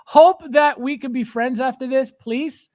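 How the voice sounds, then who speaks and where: A man's voice: very high voice, fairly even intonation, unhurried, a little mellow, no echo. A man hosting a livestream, reading viewer comments aloud and answering them in a defiant, repetitive way. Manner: defiant, repeats phrases, talks back to chat. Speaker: livestream host.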